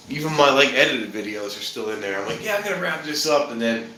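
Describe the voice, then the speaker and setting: With a medium-pitched, sharp-toned voice, a man hosts a laid-back live stream on a handheld phone. He's outside in the cold at night and then in an elevator, joking, rambling, and repeatedly promising to wrap up, while the recording picks up roomy echo and clear background noise.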